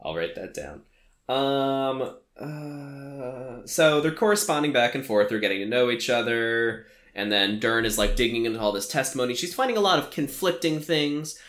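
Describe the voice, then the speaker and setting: A young man with a bright, forward voice who talks through a movie plot in a loose, rambling way, leaning on "like" and "um." He sounds like a casual podcast host. His voice rings back off the walls of an echoey room. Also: medium pitch, expressive, normal speed. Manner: rambling, filler-heavy storytelling, frequent "like".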